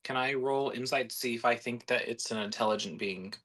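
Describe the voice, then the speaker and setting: A man playing a tabletop game, speaking calmly and steadily as he asks about his rolls. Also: mid-range voice, brisk. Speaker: player.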